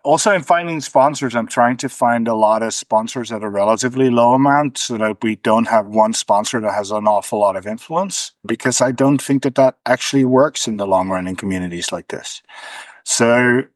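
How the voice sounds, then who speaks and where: A man's voice: mid-range voice, moderate pace, dry recording. A man speaking as an interview guest, thoughtful, with frequent restarts and a dry sarcastic streak. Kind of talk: conversational interview.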